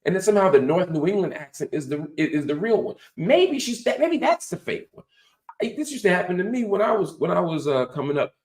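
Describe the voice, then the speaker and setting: Animated preacherly man in an echoey room. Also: high-pitched, a little fast. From United States. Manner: preacherly, emphatic, teaching cadence. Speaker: host. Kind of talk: animated political commentary.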